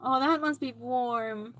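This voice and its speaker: High-voiced woman chatting slowly with viewers. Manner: reacts to chat with animated exclamations. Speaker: streamer. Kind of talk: casual chat reading viewer comments aloud.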